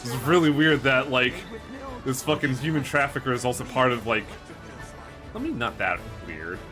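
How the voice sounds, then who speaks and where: A man's voice: medium pitch, lively intonation, moderate pace. A man streaming a video game, chatting casually and joking, with a lot of swearing. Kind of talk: casual gameplay commentary. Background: game music.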